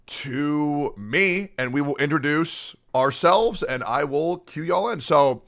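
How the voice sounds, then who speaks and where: A man's voice: a little high, lively intonation, slow, creaky, fairly bright tone. A man hosting a casual podcast on a call, upbeat and enthusiastic as he cues in guests. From Canada. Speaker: podcast host.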